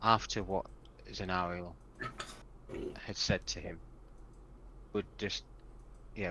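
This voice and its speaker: A man playing a tabletop game, describing his character's actions in an unhurried, hesitant way. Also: low-pitched, pushed and bright, a little hiss or hum, rough recording. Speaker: player.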